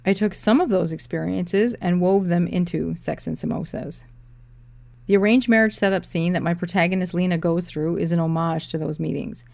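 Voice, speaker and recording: Low-voiced woman author, wry. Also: steady tone, moderate pace, gravelly, a little mellow. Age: 30s. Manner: dry, wry storytelling. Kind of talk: memoir talk and reading from her novel.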